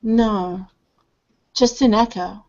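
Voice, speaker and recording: A woman's voice: mid-range voice, steady tone, slow, a little mellow. A woman narrating a tabletop game as game master, describing scenes vividly and mimicking sounds. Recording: dull lo-fi recording.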